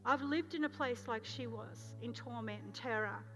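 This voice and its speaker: An Australian woman pastor giving a sermon, telling a story and moving from loud urgency to hushed, intense moments. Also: a little high, normal speed, soft background music.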